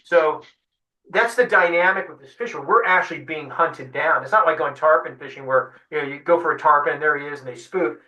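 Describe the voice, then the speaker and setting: A fishing guide tells his story with energy, voicing each person in it. His voice is a bit high and bright. It comes from some distance in an echoey room. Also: brisk. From San Diego. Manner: animated storyteller acting out quotes. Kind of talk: storytelling in a webinar interview.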